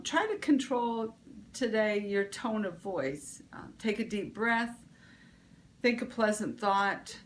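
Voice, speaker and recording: A woman's voice: medium pitch, slight background noise. A woman vlog host, giving a casual motivational talk, rambling with restarts and fillers.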